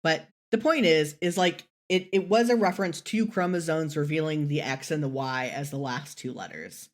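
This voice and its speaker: A woman co-hosting a casual podcast, talking in a rambling, animated way and swearing casually. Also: low-pitched, moderate pace. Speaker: podcast co-host.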